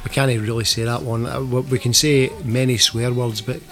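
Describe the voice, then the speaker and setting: A man's voice: mid-range voice, steady tone, normal speed, fairly bright tone, faint music behind. A man hosting a casual comedy podcast, bantering and swearing freely while reading out listener questions. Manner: jokey, profane banter. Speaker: podcast host.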